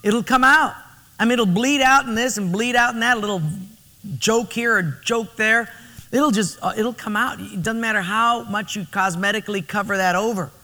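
High, bright-voiced preacher in a church. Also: male voice, moderate pace. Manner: storytelling, emphatic and animated. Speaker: pastor. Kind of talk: sermon. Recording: reverberant church hall.

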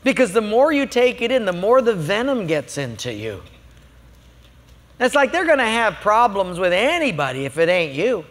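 A man's voice: high-pitched, big pitch swings, moderate pace, a bit bright, big-room sound. A man preaching a sermon as a pastor, emphatic and humorous, telling stories to make his points.

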